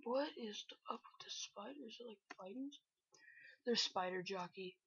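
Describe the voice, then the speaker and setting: A woman giving casual, self-mocking gameplay commentary, chatty and breaking into loud exclamations. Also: on the high side, moderate pace, breathy edge, no room sound. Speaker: gameplay video host. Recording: dull lo-fi recording.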